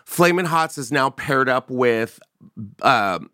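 A man with a bright, forceful voice tells funny stories as the host of a casual podcast. He slips into the voices of the people he describes. The sound is dry and close, with no room around it. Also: mid-range voice, takes it slowly, dry recording. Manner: animated storyteller, acts out quoted people. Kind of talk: casual comedic chat.

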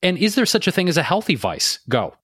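A man's voice: high-pitched, very animated, fairly quick, a bit bright, slightly rough, no room sound, clean studio sound. A man hosting a casual podcast interview, asking long, rambling questions. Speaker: podcast host.

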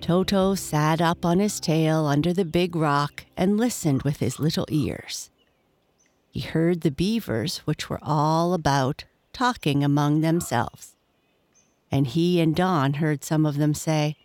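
A woman reading a children's story aloud in a slow, measured way. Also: sits low, a little mellow, no room sound. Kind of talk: read-aloud storybook narration.

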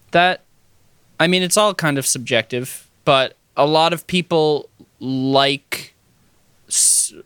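A man's voice: on the high side, fairly bright tone, clear, resonant tone, no room sound. A man from the United States with an American accent, co-hosting a casual podcast chat, thinking aloud with hedges and fillers. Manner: thoughtful, hedging with fillers. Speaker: podcast co-host.

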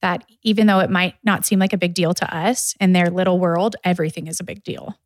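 A woman's voice: lowish voice, steady tone, a little fast, no echo. A woman chatting casually about toddler tantrums, telling stories with frequent laughs. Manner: laughs often, tells stories animatedly. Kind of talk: casual chat.

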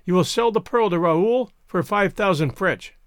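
A man voicing a frightened, shrill wife who screams and gives orders in a storybook reading. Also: expressive, normal speed, clear, resonant tone, no echo, studio quality. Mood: commanding. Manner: shrieking, commanding.

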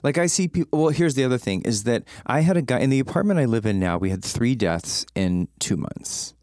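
A young man telling a story in casual chat, rambling and animated, his voice jumping up when excited. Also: medium pitch, fairly quick, no echo, clean studio sound.

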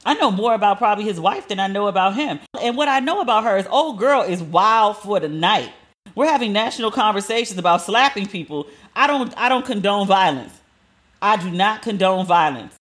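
Woman, 40s, solo podcast host, animated and chatty, acts out quotes. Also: mid-range voice, fairly quick. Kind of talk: casual solo commentary.

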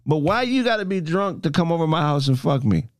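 A man's voice: on the high side, very animated, fairly quick. A man in a casual group chat, talking bluntly and emphatically with heavy profanity.

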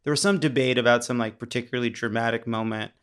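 A man's voice: mid-range voice, steady tone, fast, clear, resonant tone. Wry man in casual podcast chat. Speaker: podcast co-host.

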